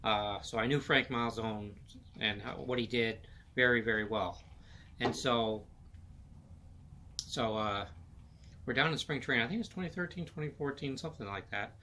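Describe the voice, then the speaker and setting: A man's voice: mid-range voice, normal speed, long pauses, sharp tone, a little hiss or hum. A middle-aged man hosting his own sports podcast, chatting casually and rambling with lots of fillers and repeated words. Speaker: podcast host. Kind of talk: casual solo sports chat.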